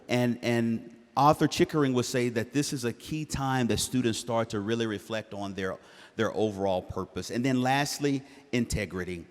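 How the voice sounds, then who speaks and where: A man speaking to incoming students' parents at a university event, animated and joking, asking the crowd to answer back. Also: mid-range voice. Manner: animated, jokey, calls for audience response. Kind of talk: live presentation to parents. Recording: hall reverb.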